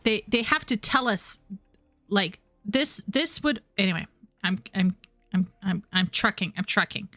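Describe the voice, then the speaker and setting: A woman's voice: medium pitch, animated, measured pace, pushed and bright, no room sound, faint music behind. A woman chatting casually as she streams a game. She repeats and restarts her words and sometimes reads the game's dialogue aloud. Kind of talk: casual gameplay commentary.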